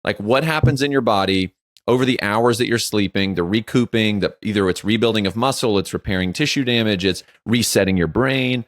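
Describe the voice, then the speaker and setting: A man's voice: fairly low pitch, a little fast, no room sound, clean studio sound. A man in his forties co-hosting a podcast, telling stories in a casual chat and acting out quotes. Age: 40s. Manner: animated storyteller who acts out quotes; frequent filler "like". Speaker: podcast co-host.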